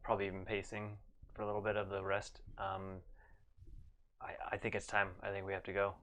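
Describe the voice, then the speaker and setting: A man's voice: on the low side, completely flat delivery, fairly quick, fairly bright tone. A man playing a tabletop game, who rambles and stammers playfully. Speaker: player. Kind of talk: casual tabletop play.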